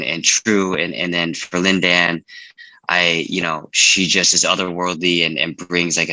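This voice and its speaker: A fairly low-voiced man from California with a very sharp, forceful tone and a dry, close sound. He answers in an earnest, halting way, restarting his words and leaning on "you know". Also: dry recording, poor audio. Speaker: filmmaker guest. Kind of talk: casual interview answers.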